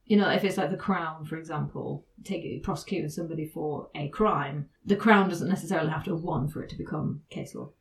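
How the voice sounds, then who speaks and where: A woman's voice: low voice, a little fast, few pauses, a little hiss or hum. A woman hosting a podcast, chatting casually and laughing often as she explains legal cases. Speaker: podcast host.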